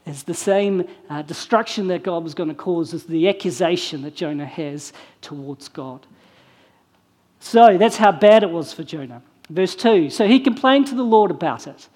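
A preacher mid-sermon who moves between reading Bible passages and explaining them. The speaker lands key points with sharp, rising emphasis and keeps a steady middle pitch. The tone stays that of a pastor teaching a congregation. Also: moderate pace. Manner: reads verses then comments with emphatic, rising stress.

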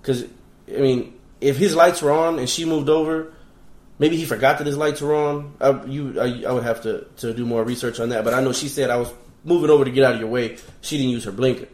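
A man's voice: medium pitch, steady tone, fairly quick, roomy sound. A man talking in a casual chat, blunt and opinionated, swearing freely.

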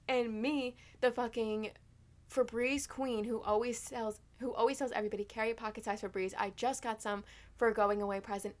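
A young woman in her twenties tells a storytime vlog with lots of swearing and filler words. Her delivery is lively and loose, jumping between exasperation and humor. Her voice sits at an ordinary middle pitch for a woman. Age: 20s. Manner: animated, profane, loose storytelling with many fillers. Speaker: vlogger.

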